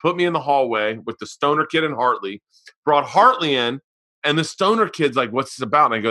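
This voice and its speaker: A middle-aged man hosting a podcast, telling stories in loud, profane casual chat and acting out the people in them. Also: medium pitch, animated, brisk. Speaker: podcast host.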